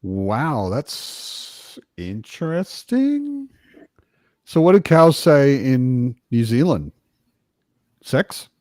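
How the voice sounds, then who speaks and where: A man hosts a relaxed chat over a video call, his voice swinging widely in pitch as he jokes and swears in passing. His delivery is loose and chatty, and the sound is dry and close with no room around it. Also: takes it slowly, no room sound. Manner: chatty, swears casually, jokey. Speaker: host. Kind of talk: casual chat.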